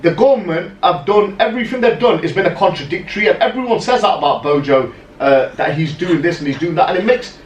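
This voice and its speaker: A man co-hosting a podcast, telling stories in casual, animated chat full of "right?" asides. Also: sits high, quick pace, recorded from a distance, muffled recording. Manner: animated storyteller, lots of "right?" and "yeah?" asides. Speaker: podcast co-host. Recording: roomy echo, off-mic, faint noise.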